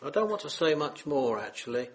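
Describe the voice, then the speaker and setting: A man's voice: fairly high pitch, very animated, brisk, gravelly. A man preaching a sermon, earnest and solemn, pleading with his listeners.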